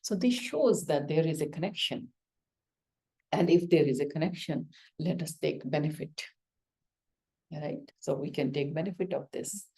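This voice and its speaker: A woman's voice: sits low, moderate pace, gravelly, pauses often, mellow, husky. A woman with an Indian accent teaching a yoga lesson, coaxing answers from her student with questions and acted-out examples.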